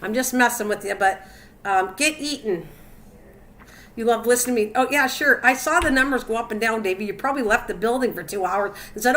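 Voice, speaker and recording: A woman's voice: a little high, brisk, fairly bright tone. An older woman hosting a cooking live stream, chatting casually and teasing her viewers by name. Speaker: cooking channel host.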